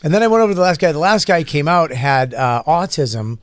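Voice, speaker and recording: High-voiced guy on a comedy pod, swoopy animated storytelling, lots of swearing. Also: brisk. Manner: animated, laughing, profane storytelling. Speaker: podcast guest comedian. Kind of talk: casual comedic chat.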